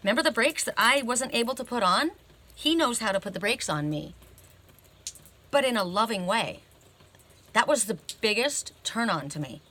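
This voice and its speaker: A woman's voice: a little high, expressive, moderate pace, pauses often, a bit bright. A woman reading oracle cards, telling a personal story in a chatty, emphatic way and often checking in with "right?". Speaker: oracle card reader.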